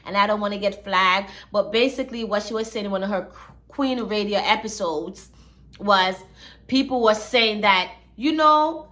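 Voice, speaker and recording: A woman's voice: medium pitch, normal speed, a bit bright. A woman hosting a commentary channel, talking in a chatty, slangy storytelling way. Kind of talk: casual commentary.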